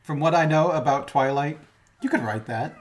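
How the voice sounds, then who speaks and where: A man's voice: a little high, moderate pace. A man co-hosting a casual movie chat who chips in jokey one-liners. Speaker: co-host.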